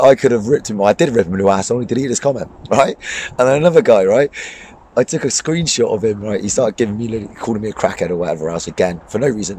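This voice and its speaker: A man's voice: mid-range voice, darkish tone, a little hiss or hum. A man in a heated, blunt vlog rant, swearing often and breaking into laughs. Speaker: fishing vlogger and boxing coach. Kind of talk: ranting vlog monologue. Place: outdoors by a lake.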